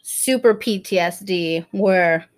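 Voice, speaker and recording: A woman in her thirties with a fairly low-pitched voice tells a story slowly while co-hosting a podcast. The chat is casual, full of laughter and acted-out quotes.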